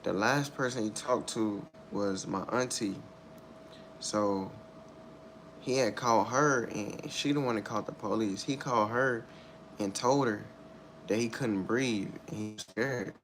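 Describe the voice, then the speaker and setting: A young man giving a candid personal account in a halting, repetitive, subdued way, circling back over his words. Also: on the low side, fairly bright tone, slight background noise. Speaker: storyteller sharing a personal loss.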